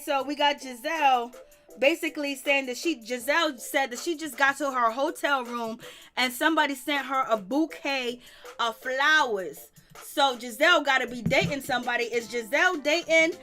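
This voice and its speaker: A woman's voice: high-pitched, pushed and bright. A woman hosting a casual live stream, sassy and sarcastic, greeting viewers by name as she gossips about a reality show.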